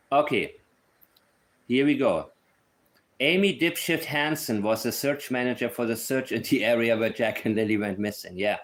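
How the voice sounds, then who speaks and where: Brief: male commentator, blunt and opinionated, mid-pitched voice, talks off the cuff. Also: measured pace, long pauses. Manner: blunt, opinionated, thinks aloud. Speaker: true crime commentator. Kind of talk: casual commentary.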